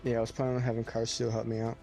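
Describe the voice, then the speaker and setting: A man playing in a tabletop game, talking quickly and restarting while explaining his plan. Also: medium pitch, completely flat delivery, mellow, soft background music. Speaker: player. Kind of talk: casual tabletop game chat.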